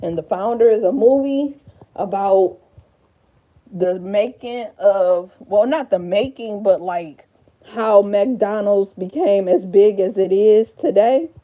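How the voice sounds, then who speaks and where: A woman's voice: a little high, highs cut off. Blunt Detroit woman on a livestream. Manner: blunt, profane, rambling. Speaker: livestream host. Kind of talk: casual livestream chat.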